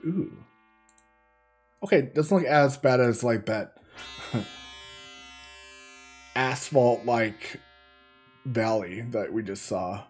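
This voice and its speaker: A man's voice: medium pitch, extremely slow, long pauses, darkish tone, soft background music. A man casually commenting as he plays through a game, thinking aloud and reading the on-screen text with stumbles and restarts. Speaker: gaming video host. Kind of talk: casual let's-play commentary.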